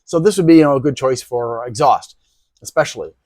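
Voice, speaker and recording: A man's voice: mid-range voice, animated, brisk, darkish tone, dry recording. A man hosting a tech video, walking through test results in a loose, rambling way with many ums and restarts. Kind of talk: casual product review.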